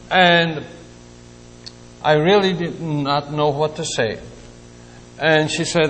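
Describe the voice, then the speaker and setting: Slow, emotional pastor in a reverberant hall. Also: male voice, on the high side. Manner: slow, emotional storytelling with pauses. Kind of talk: sermon. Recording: long hall reverb, faint hum.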